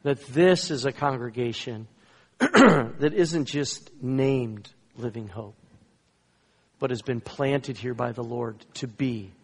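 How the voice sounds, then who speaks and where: A man's voice: mid-range voice, slow pace, breathy edge. Man preaching in a long-reverb hall. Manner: swings between loud emphatic and hushed soft delivery. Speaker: guest pastor. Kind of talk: sermon storytelling.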